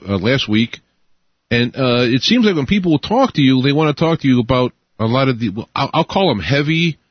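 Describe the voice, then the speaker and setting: A man's voice: medium pitch, no echo, dull audio. A man hosting a talk radio show, talking casually with many fillers and restarts.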